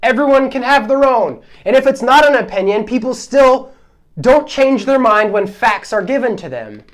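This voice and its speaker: A man hosting a solo podcast, ranting in a heated, exasperated way, his voice swinging between loud outbursts and quieter asides. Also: extremely high pitch, expressive, normal speed. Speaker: podcast host.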